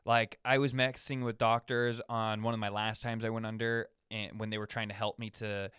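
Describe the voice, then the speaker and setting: A man's voice: lowish voice, level tone, normal speed, a bit bright, clear, resonant tone, dry recording, clean studio sound. A young man hosting a podcast from his room, rambling casually in a laid-back, slangy way with lots of fillers and restarts. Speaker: podcast host. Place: his own room at home.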